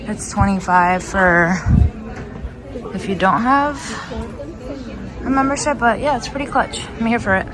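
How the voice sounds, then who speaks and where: A woman's voice: mid-range voice, measured pace, long pauses, a crowd in the background. A young woman vlogging casually, chatty and upbeat, with lots of fillers. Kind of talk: casual vlog narration. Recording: background music under voice.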